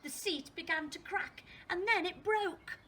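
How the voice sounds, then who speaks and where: A woman teacher reading a storybook to young children, expressive and asking them questions as she goes. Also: extremely high pitch, unhurried, a little hiss or hum. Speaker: primary school teacher.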